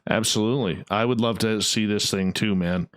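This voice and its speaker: A man's voice: on the low side, fairly even intonation, fairly quick, fairly bright tone, no room sound, clean studio sound. A man hosting a late-night radio interview, chatty and rambling with a self-mocking streak. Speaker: radio show host.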